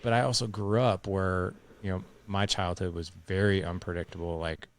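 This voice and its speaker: A man's voice: low-pitched, steady tone, moderate pace. A middle-aged man hosting a podcast, talking casually and rambling with many restarts and "dude"s. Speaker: podcast host. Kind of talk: casual conversation.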